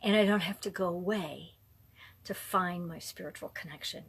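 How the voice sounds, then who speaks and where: A middle-aged woman hosts a casual live talk in a breathy, slightly husky voice that sits on the low side. She rambles and digresses, and often slips into soft, whispery asides. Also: normal speed. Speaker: host of a live online talk.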